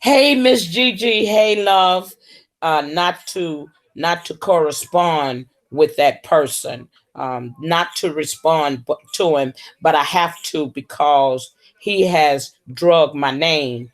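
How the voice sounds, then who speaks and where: A woman hosting a casual livestream, drawling and calling viewers baby and honey. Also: low-pitched. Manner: slow, drawling, full of terms of endearment. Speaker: livestream host.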